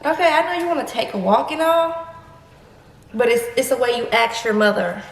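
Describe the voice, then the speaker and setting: A woman's voice: on the high side, lively intonation, moderate pace. A woman vlogging as a mother, teasing her child with a playful, laughing manner. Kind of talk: casual family vlog chat. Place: home kitchen. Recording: echoey room.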